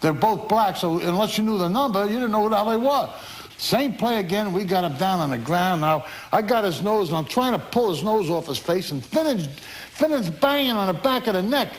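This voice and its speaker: A former football player telling animated anecdotes in an interview, acting out other people's voices. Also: male voice, a little fast. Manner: animated storyteller, acts out voices of others in high squeals.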